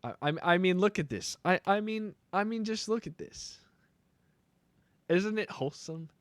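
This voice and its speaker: A man's voice: sits high, moderate pace, no echo. A young man chatting casually on a live stream while making beats, joking and rambling playfully.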